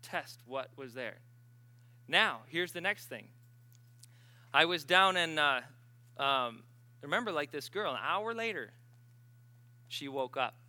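A man preaching at a healing service, telling stories with sudden bursts of excitement. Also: fairly high pitch. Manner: animated storyteller, bursts of excitement. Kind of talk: sermon.

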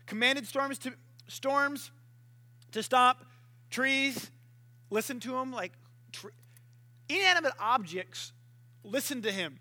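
A young man preaching a sermon, animated and playful, acting out voices and barking to make his point. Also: very high voice, a little slow, pauses often.

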